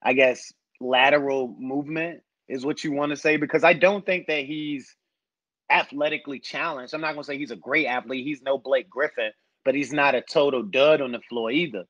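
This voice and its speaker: A man talking basketball in a relaxed, rambling conversational way, musing over players and roster fits. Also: medium pitch, moderate pace, no room sound, muffled recording. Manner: thoughtful, rambling with fillers. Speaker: basketball podcast analyst. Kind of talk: casual sports discussion.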